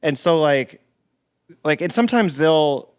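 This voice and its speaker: A man's voice: a little high, animated, measured pace, darkish tone, smooth. A man, a comedian guest on a podcast, telling stories in casual chat, rambling with many restarts and frequent swearing.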